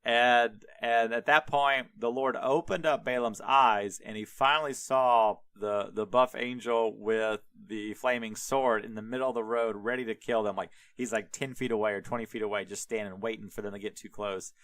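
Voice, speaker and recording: A man's voice: medium pitch, steady tone, normal speed, few pauses, fairly bright tone, no echo. A man, a podcast host, retelling a story casually, rambling with lots of fillers and swearing. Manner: rambling, filler-heavy, profane.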